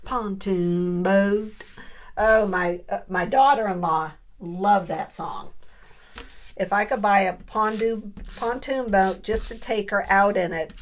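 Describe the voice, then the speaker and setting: A woman's voice: medium pitch, a little hiss or hum. Chatty middle-aged woman crafting on camera. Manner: chatty, thinks aloud while working; asks viewers questions. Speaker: papercraft vlogger. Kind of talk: casual crafting tutorial.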